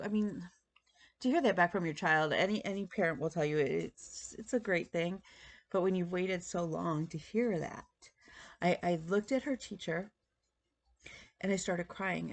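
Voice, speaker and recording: A woman in her thirties chatting casually to camera as a stitching vlog host, rambling with many ums and restarts. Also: on the low side. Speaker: flosstube host.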